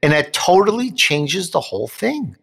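A man's voice: high voice, big pitch swings, moderate pace, gravelly, a bit bright, breathy edge, long reverb tail. A man hosting an interview show, talking with enthusiasm and emphatic bursts. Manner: enthusiastic, emphatic, laughs between points. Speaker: show host. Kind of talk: interview chat.

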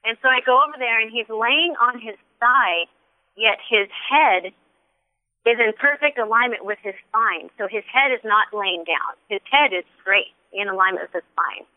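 A woman shares a personal faith testimony in an earnest, animated way, acting out the quotes she tells. Her voice is a little high and smooth. It sounds dry and tinny, as if it came over a phone line. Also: moderate pace, dry recording. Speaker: guest sharing a testimony. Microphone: telephone.

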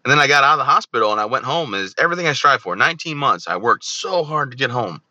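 A man's voice: medium pitch, lively intonation, fast, bright, forceful tone, no echo, rough recording. A man in his thirties, a veteran guest on an interview show, telling his own story candidly and animatedly, often acting out remembered dialogue. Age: 30s.

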